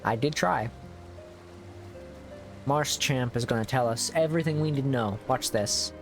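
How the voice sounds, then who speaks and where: A man's voice: mid-range voice, moderate pace, long pauses, music in the background. A man streaming a game, chatting casually and joking with its characters. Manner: jokey, chats with game characters. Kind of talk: casual gameplay commentary.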